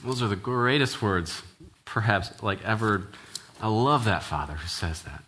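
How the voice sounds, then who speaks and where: In a fairly low, unhurried voice, a minister delivers a casual but earnest sermon. He often tags on "right?" and restarts his sentences before closing with a quiet prayer.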